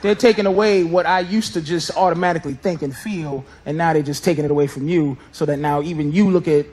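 A middle-aged man doing stand-up crowd work, loud, brash and profane as he teases the audience on a live stage. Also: a little high, fast talker, breathy edge. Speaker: stand-up comedian. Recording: live show with crowd laughter and noise.

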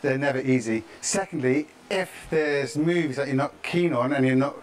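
A man's voice: mid-range voice, normal speed, slight background noise. A man coaching a live-streamed workout, chatty and encouraging, often checking in with "yeah?". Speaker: fitness coach. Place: outdoors, in the tropics.

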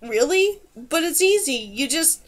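Young prince in a storybook, earnest, quick, voiced by a woman reader; high-pitched. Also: lively intonation. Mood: teasing.

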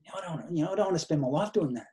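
A man's voice: a little high, lively intonation, very fast, mellow. A middle-aged man with an Australian accent, a podcast guest telling anecdotes by quoting past conversations in a casual interview. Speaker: podcast guest, nutrition researcher and coach. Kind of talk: conversational storytelling.

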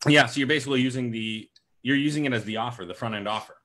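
A man's voice: medium pitch, rapid-fire, a bit bright. A man hosting a casual live Q&A, easygoing as he reads out viewer questions and explains. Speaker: host. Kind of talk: casual livestream Q&A.

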